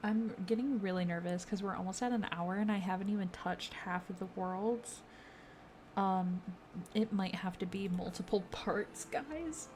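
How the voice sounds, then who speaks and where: Gushing young woman, slow-paced game commentary. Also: mid-range voice, a little mellow, a little hiss or hum. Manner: gushing, easily delighted, lots of fillers. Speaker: gaming video creator. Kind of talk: casual game walkthrough commentary.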